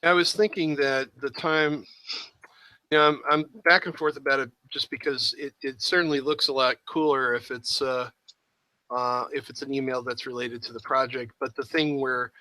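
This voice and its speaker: Musing hesitant man, bright dry voice. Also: mid-range voice, steady tone, normal speed, dry recording, poor audio. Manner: musing, hesitant, self-deprecating. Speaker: host. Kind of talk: casual chat.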